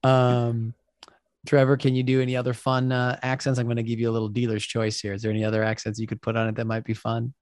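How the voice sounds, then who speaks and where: A man's voice: medium pitch, completely flat delivery, quick pace, a little mellow, clean tone, no echo. Encouraging man podcast host, dry sound. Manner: friendly, encouraging, many fillers. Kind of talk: casual interview chat.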